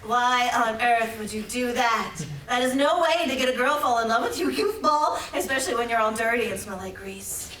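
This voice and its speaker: A woman's voice: a little high, normal speed, few pauses, fairly bright tone, natural voice. An actress playing a dramatic, flustered young woman stranded on a road trip, in a staged play reading recorded from across a theatre. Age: young adult. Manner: exclaiming, flustered, stammering. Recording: roomy theatre, mic far off.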